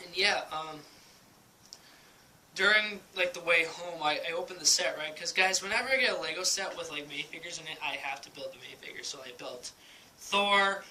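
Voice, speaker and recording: A man's voice: fairly high pitch, moderate pace, pauses often, sharp tone, slight background noise, rough recording. A young man telling a casual vlog story at home, rambling with many ums and likes and laughing often. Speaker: vlogger. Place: at home, indoors.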